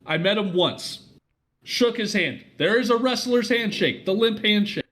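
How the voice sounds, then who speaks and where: A man's voice: high voice, a little slow, fairly bright tone. A man co-hosting a podcast, arguing his side and telling stories in a rambling, casual way. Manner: argumentative, rambling, storytelling with restarts. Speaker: podcast co-host. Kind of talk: casual chat.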